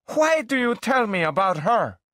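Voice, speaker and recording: A man reading a story aloud, voicing a young woman who is jealous and easily upset, with a shrill, pleading delivery. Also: big pitch swings, moderate pace, bright, forceful tone, dry recording, studio quality, full character voice. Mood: suspicious.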